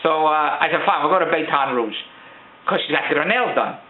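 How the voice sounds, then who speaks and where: Fast-talking, high-voiced man ranting. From Philadelphia. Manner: exasperated, joking complaints with rambling repeats. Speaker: vlogger. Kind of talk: casual storytelling rant. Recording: echoey room, tinny phone-like sound.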